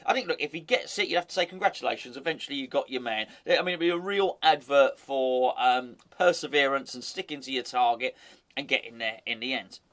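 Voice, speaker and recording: A man's voice: medium pitch, a little fast, a bit bright. A man hosting a football fan channel, giving chatty, opinionated commentary with wry asides.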